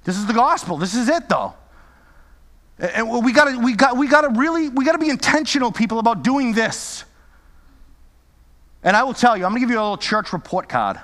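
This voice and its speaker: A man's voice: very high-pitched, expressive, a little fast, pauses often, fairly bright tone, big-room sound. A male pastor preaching a sermon with impassioned, repetitive exhortations.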